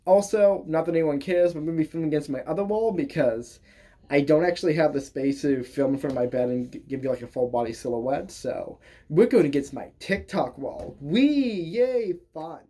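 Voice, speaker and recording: A young man vlogs from his bedroom in a casual, joking way, cursing freely and poking fun at himself. His voice sits a little high but sounds mellow and dark, and his talk is loose and chatty. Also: brisk. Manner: crude, self-mocking, joking. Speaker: YouTuber. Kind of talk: casual vlog chat.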